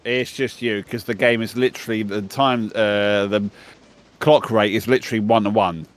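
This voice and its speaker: A man's voice: fairly low pitch, steady tone, moderate pace. A man in his thirties, a co-player on a casual gaming stream, teasing and swearing in crude banter. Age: 30s.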